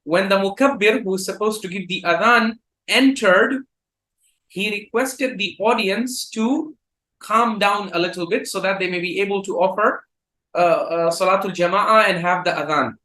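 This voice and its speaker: Man, religious lecture, high bright voice, fast Arabic reading then slow English explanation, echoey room. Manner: reads Arabic passages quickly, then explains slowly in English. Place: live video call session.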